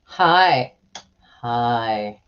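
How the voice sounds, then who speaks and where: A woman's voice: a bass voice, expressive, very slow, muffled recording. A woman hosting a live stream, chatting casually in a giggly, rambling way with lots of restarts.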